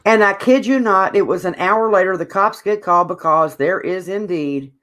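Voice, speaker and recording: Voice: mid-range voice, normal speed, a bit bright. Opinionated podcast co-host. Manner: opinionated, ranting. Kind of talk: casual sports chat.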